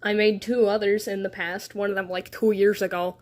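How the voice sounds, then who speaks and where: A woman's voice: mid-range voice, level tone, brisk, darkish tone. Giggly woman chatting on a livestream. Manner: rambling, giggly, self-deprecating. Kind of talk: casual livestream chat. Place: her bedroom, on a beanbag chair. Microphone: phone on a tripod.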